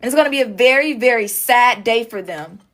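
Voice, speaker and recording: A woman's voice: fairly high pitch, fairly quick, fairly bright tone. A woman doing a casual tarot reading, talking straight to her viewers with emphatic repetition. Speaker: tarot reader.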